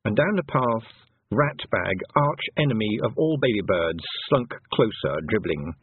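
Husky male storybook narrator. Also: fairly low pitch, a little slow, no room sound. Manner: expressive storytelling. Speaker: audiobook narrator. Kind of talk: scripted narration. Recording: dry, tinny phone-like sound.

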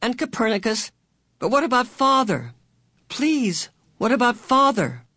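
Reader putting on an anxious teen girl, high and pleading, urgent, dry close sound. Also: lively intonation, a little slow, pushed and bright, slightly rough, dry recording, heavily acted. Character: anxious, impatient teenage girl. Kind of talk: audiobook character voice.

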